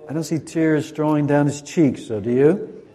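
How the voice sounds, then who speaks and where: A man's voice: a little high, normal speed, mellow, a faint crowd. A man preaching in a church, leading a Passover demonstration and joking playfully with volunteers. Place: church sanctuary.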